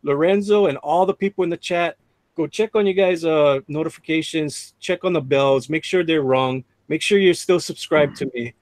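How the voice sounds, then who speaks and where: A man's voice: a little high, normal speed, a little mellow, dry recording. A middle-aged man hosting a live drawing stream, reading chat aloud and laughing often. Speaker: livestream host. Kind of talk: casual livestream chat.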